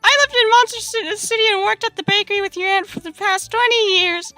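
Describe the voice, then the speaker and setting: A woman voicing a frazzled, overworked female brownie baker from fair folk, in an excitable squeaky voice. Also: a little fast, soft background music. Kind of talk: voice-acting a visual novel.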